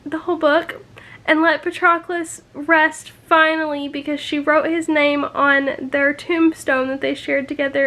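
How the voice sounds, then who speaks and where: High-voiced slow-talking young woman vlogger. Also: little pitch movement, sharp tone. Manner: emotional, sighs often, many fillers. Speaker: book vlogger. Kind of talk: casual reading vlog reactions.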